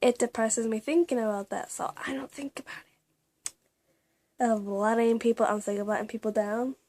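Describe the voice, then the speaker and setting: A young woman vlogging about her personal journal in a confessional, halting way, with many fillers and restarts. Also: on the high side, fairly even intonation, a little mellow. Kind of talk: casual personal vlog.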